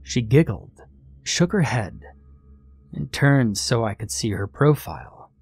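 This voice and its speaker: A man of middle pitch telling a ghost story, with measured, suspenseful pacing. His voice sits close and dry, with no room sound around it. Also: very animated, gravelly, a little mellow, slightly rough, no echo. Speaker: narrator. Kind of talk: scripted horror story narration.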